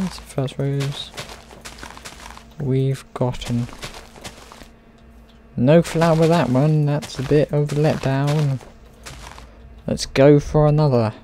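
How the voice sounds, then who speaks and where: A man's voice: mid-range voice, slow pace, pauses often, warm tone, a little hiss or hum. A man giving playful, rambling commentary as he plays a game, chatting to the characters on screen. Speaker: gaming channel host. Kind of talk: gameplay commentary.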